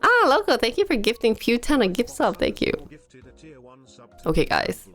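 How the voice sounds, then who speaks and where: A woman's voice: on the high side, sing-song, normal speed, soft background music. A woman livestreaming from home, telling stories in a casual, chatty way and laughing often. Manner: chatty storytelling, frequent laughter.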